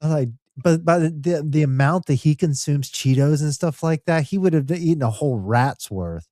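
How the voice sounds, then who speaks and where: A man co-hosting a podcast in casual chat, dropping quick jokes. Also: on the high side, warm tone, no room sound, clean studio sound. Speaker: podcast co-host.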